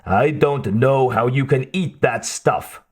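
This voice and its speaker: A man's voice: medium pitch, slow pace. A man reading an audiobook, voicing a grumpy, sarcastic male crewman who complains dryly. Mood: grumbling. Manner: irritable, dry complaints.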